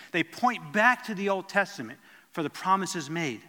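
A man's voice: high-pitched, expressive, moderate pace, pushed and bright, big-room sound. A man preaching a sermon in an earnest teaching tone, stumbling and restarting as he explains the verses.

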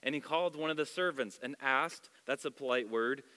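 Male pastor, sermon, expressive storytelling, bright forceful tone, long church hall reverb. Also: medium pitch, brisk, smooth. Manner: expressive storytelling, shifting loud and soft.

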